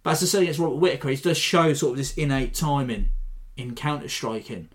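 A man hosting a podcast, giving a rambling, animated breakdown of a fight in a self-deprecating way. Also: medium pitch, fast talker. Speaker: podcast host. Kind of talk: casual fight analysis.

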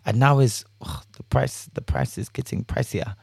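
A man hosting a casual solo chat, animated, laughing and swearing freely as he acts out reactions. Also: fairly low pitch, moderate pace, vocal fry, breathy edge, no room sound.

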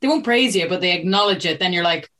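A woman's voice: fairly low pitch, animated, fast, a bit bright. An Irish woman hosting a casual interview, teasing her guest and laughing often. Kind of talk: casual chat.

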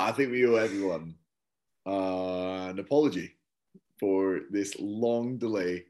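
Guy with a really low voice, laid back podcast chat, lots of ums. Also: unhurried. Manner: relaxed, rambling with fillers. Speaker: podcast co-host. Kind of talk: casual chat.

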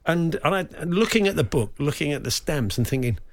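A man's voice: on the high side, animated, fairly quick. A man co-hosting a radio show, telling jokey stories in casual chat. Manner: chatty, jokey storytelling. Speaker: radio host.

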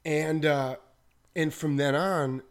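Guy on a podcast telling a story, lively, says like a lot. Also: a little high, slow pace. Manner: animated, acts out quotes, says "like" often. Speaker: podcast co-host. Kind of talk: casual storytelling chat.

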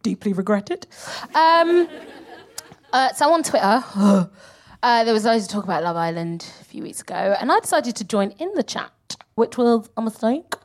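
A high, bright-toned woman in her thirties riffs on stage as a comedy co-host. Her voice leaps all over the place as she swears freely and drops into quick mocking impressions. Her delivery is loose and animated. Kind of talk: live comedy podcast stand-up chat. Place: live stage before an audience.

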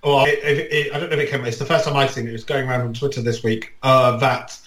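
A man's voice: medium pitch, flat delivery, quick pace, fairly bright tone. Wry man talking in an echoey room. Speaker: podcast co-host. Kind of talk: casual football podcast chat.

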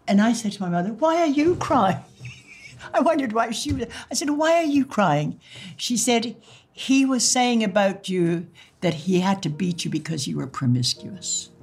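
A woman's voice: on the low side, creaky. An older woman with an Irish accent, recounting memories in an interview, acting out old conversations and laughing now and then. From Ireland. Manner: lively storyteller who acts out quoted dialogue and laughs.

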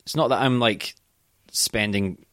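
A young Scottish actor chatting candidly on a podcast, swearing freely and telling animated stories. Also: male voice, fairly low pitch, unhurried, dry recording, studio quality. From Scotland. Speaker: guest actor. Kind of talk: casual podcast chat.

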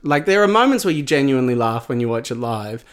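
A man's voice: medium pitch, lively intonation, fast talker. A man co-hosting a podcast, rambling in casual chat with lots of fillers and restarts. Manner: rambling, lots of "like" and restarts, laughs through stories. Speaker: podcast co-host.

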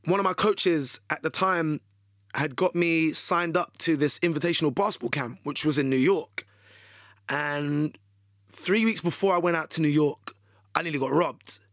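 Gravelly-voiced man telling a story. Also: a little high, normal speed, dry recording, clean studio sound. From London. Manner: animated, chatty, filler-heavy storytelling. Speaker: radio DJ guest. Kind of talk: casual storytelling interview.

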